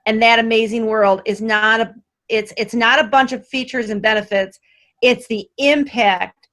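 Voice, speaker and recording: A woman talking as a guest on a podcast, eager and emphatic as she drives her points home. Her voice sits somewhat high, and she leans on repeated phrases for emphasis. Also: normal speed, a bit bright. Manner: enthusiastic and emphatic, stressing points with repetition. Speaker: guest, company CEO. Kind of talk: casual podcast conversation.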